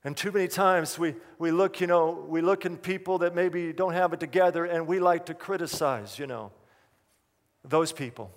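Male pastor, high voice, emphatic sermon delivery, repeats his points, church reverb. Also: moderate pace. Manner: emphatic, repeats key lines, asks the congregation questions.

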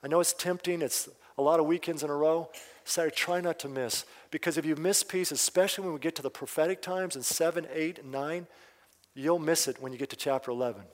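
A man's voice: on the high side, a little fast. A man preaching at a prophecy seminar, fervent and emphatic, who often puts questions straight to his listeners. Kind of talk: sermon. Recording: long hall reverb.

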